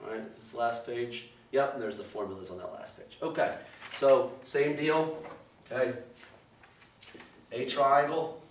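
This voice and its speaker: A male math teacher talks through trig problems in a relaxed, repetitive way, checking in with "okay?" after each step. His voice sits at an ordinary pitch and comes across a bit distant from the mic. The room is echoey, with clear background noise. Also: a little slow, long pauses. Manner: casual, repetitive "okay, all right" checks. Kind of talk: recorded math lesson walkthrough.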